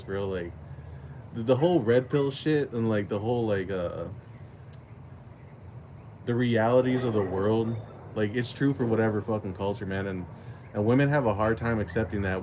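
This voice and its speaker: A man's voice: on the low side, muffled recording, noisy background. Profane, rambling man on a casual stream. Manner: rambling, profane, laughs often. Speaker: channel host. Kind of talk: casual livestream chat.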